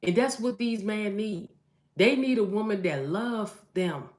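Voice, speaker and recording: Speaking to her camera, this vlogging mom preaches motivation with emphasis, saying key phrases again to drive them home. Her mid-range voice is animated, unhurried and a little mellow, and the room gives it a noticeable echo.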